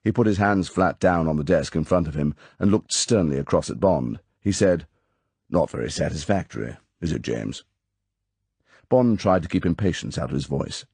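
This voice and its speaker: A male narrator reads a novel aloud in a measured, expressive way. His voice is very deep with a gravelly, husky texture and lively rises and falls. The recording is close and dry. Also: no room sound. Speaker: audiobook narrator. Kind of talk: scripted narration.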